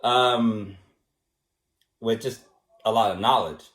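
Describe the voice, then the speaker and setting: A man's voice: fairly low pitch, slow. Rambling man in an echoey room. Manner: rambling, repetitive, shrugging off, soft dismissive retorts. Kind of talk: casual personal monologue. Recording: roomy echo.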